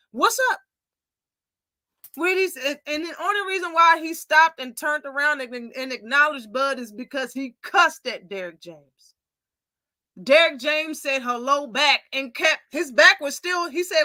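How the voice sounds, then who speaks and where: A young woman with a high, bright voice hosts a casual live commentary, talking in an opinionated, animated way and acting out the lines she quotes. The sound is close and dry, with no room around it. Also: no echo. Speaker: host.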